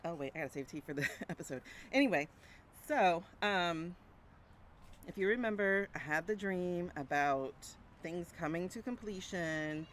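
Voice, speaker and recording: Recording a casual vlog by a street with a small phone-plugged mic, a woman in her 40s who works as a brand coach talks to viewers and laughs a lot. Faint traffic hums in the background. Her fairly low voice has lively intonation at a normal pace.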